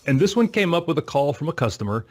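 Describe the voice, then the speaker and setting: A man's voice: fairly high pitch, very animated, quick pace, darkish tone. A man co-hosting a tech podcast, talking in a rambling, self-mocking, chatty way. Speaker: podcast co-host. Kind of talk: casual tech podcast chat.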